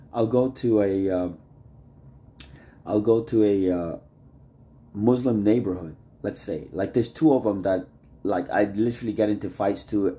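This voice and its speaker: A man with a lowish, mellow voice rambles through a casual vlog monologue. He strings thoughts together with endless "like"s, and his voice sinks quieter as sentences trail away. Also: slight background noise. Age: adult, married. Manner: rambling, loose, leans on "like" constantly. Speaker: vlogger.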